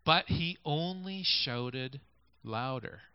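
A male preacher with a mid-range voice and lively intonation delivers a conversational sermon, reading scripture and asking listeners to picture the scenes. He speaks slowly and smoothly with no echo, though the recording itself is dull and lo-fi.

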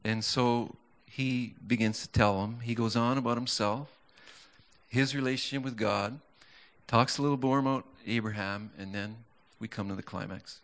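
A man's voice: mid-range voice, steady tone, moderate pace. A man preaching a sermon in a conversational storytelling way, with stammers and restarts, building to fervent emphasis.

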